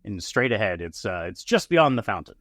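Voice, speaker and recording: A man's voice: lowish voice, very animated, fairly quick, fairly bright tone, no room sound, clean studio sound. Man narrating a tabletop game. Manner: casual, filler-heavy narration. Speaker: game master.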